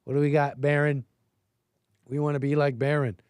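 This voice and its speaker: A man's voice: fairly high pitch, little pitch movement, normal speed, a little mellow, clear, resonant tone, no room sound, clean studio sound. A male talk show host casually reading an article aloud and breaking off for sarcastic, mocking asides, with frequent chuckles.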